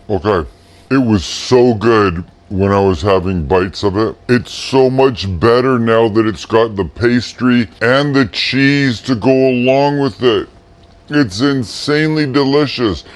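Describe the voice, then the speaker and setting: A middle-aged man hosting a casual cooking show, chatting enthusiastically and exclaiming over the food as he cooks. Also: medium pitch. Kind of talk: casual cooking demo talk.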